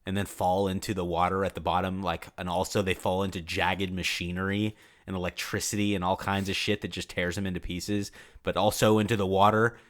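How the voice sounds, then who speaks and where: Low, bright-voiced young man, slangy and casual. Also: flat delivery, brisk. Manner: slangy, laid-back, joking. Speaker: podcast co-host. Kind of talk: casual movie-review chat.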